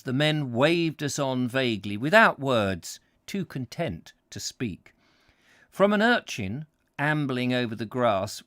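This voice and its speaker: A man's voice: mid-range voice, a bit bright, no room sound, studio quality. A man hosting a live book reading, reading expressively and breaking off for casual asides. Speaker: host, book reader.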